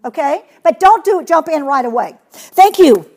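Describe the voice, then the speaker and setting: A woman with a high voice leads a hands-on workshop for teachers. She talks in an animated way and slips into playful voices to show how children answer. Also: brisk, slight background noise. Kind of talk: classroom workshop talk.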